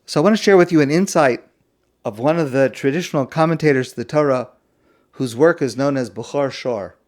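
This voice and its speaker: A man's voice: medium pitch, a little fast. A man teaching as a rabbi in a class on the weekly Torah portion, telling stories with self-deprecating humor and asking pointed questions. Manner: asks pointed rhetorical questions.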